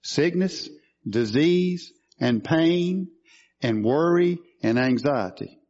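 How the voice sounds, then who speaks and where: A man's voice: medium pitch, darkish tone, muffled recording. A man preaching a sermon, teaching through scripture and asking questions of his listeners. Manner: teaching, asks questions of the congregation.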